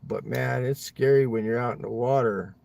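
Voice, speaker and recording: A man livestreams from his car, chatting loosely with viewers, rambling, swearing and ending lines with "man." He speaks at normal speed in a medium-pitched, slightly mellow voice with vocal fry.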